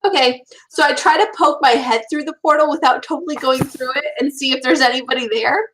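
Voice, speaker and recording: A woman's voice: high voice, fairly quick, a bit bright, slight background noise, low-quality recording. A woman playing a tabletop game, chatting eagerly about her character's actions. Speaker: player. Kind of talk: casual tabletop play.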